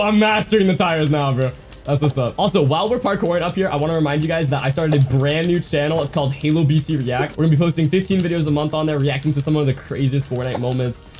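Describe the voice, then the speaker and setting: A young man giving excited gameplay commentary, swinging from muttering to yelling. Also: fairly high pitch. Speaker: gaming streamer.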